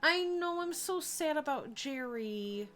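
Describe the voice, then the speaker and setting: A young woman streams a game in a high voice that swoops up and down. She talks in an unhurried way, reacting to the game and chatting with her viewers. Soft music plays faintly behind her. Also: lively intonation, poor audio. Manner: chatty, reacting to the game and reading chat aloud. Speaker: live streamer. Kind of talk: casual gameplay commentary.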